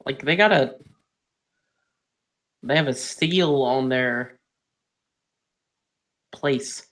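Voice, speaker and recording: A man's voice: medium pitch, extremely slow, a bit bright. A man chatting casually as a guest on a stream, jokey and plain-spoken, and playfully defensive when teased. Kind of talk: casual chat.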